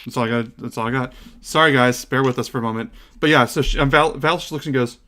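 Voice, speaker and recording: A man narrating as game master of a tabletop game, relaxed and hesitant, with frequent ums. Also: medium pitch, fast talker, few pauses.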